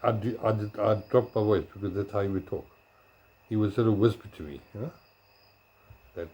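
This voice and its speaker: A man rambling through school memories with a low, mellow, husky voice. He often stops to correct himself and talks softly at times. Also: a little fast, pauses often, rough recording. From South Africa. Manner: rambling, self-correcting, searches memory aloud. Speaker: blogger. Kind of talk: casual storytelling.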